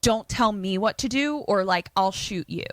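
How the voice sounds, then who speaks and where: A woman's voice: medium pitch, normal speed, no room sound, natural voice. A woman playing a fed-up young man who issues short, cold threats. Dry, close sound. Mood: menacing. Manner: curt, threatening.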